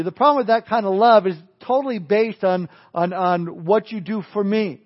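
A man's voice: high voice, brisk, hardly any pauses, dull audio. A middle-aged man preaching a sermon, mixing scripture with folksy jokes and asides. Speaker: pastor.

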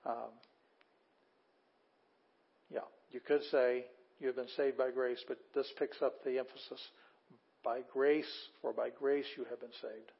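A man teaching a Greek class, reading Bible verses aloud and explaining them word by word in a casual, enthusiastic way. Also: mid-range voice. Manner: casual with fillers, enthusiastic asides. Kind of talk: classroom lecture. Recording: slightly dull lo-fi audio.

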